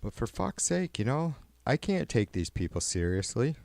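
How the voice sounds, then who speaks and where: A man's voice: mid-range voice, sing-song, normal speed, vocal fry, no echo. Man, livestream host, sarcastic swearing rant, rambling, dry sound. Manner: sarcastic, swearing, rambling, gets louder when worked up. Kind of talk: profane political rant.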